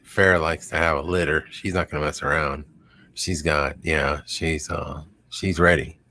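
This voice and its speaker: An extremely low-pitched man's voice, steady in tone, pushed and bright, comes at a moderate pace in a dry recording. He hosts a live stream with casual, rambling chat, chuckling and quoting dogs in goofy voices.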